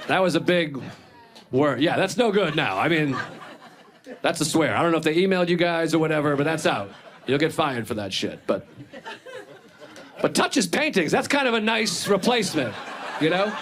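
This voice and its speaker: A man in his forties doing a stand-up set, self-deprecating, deadpan asides mixed with animated impressions of his friends. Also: on the high side, normal speed, long pauses. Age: 40s. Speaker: stand-up comedian. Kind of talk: stand-up routine. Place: comedy club stage before a live audience. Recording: live club set with a laughing crowd. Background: audience laughter.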